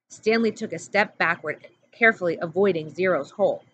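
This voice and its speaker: A woman's voice: on the low side, a little fast. Woman teacher reading a story aloud. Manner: steady, plain narration. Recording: dull lo-fi audio with faint hum.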